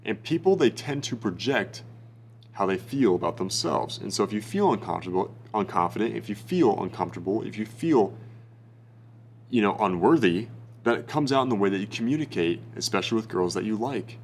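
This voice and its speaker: A man's voice: on the low side, animated, a little fast, slight background noise. Blunt, foul-mouthed young male dating coach. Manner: blunt, profane, bro-ish. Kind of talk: casual advice monologue.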